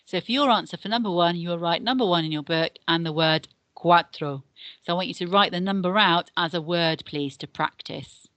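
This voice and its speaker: A woman with an English accent teaching a recorded beginner Spanish lesson, modelling each word slowly and carefully for pupils to repeat. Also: lowish voice, fairly bright tone, no echo. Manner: slow, careful modelling of pronunciation.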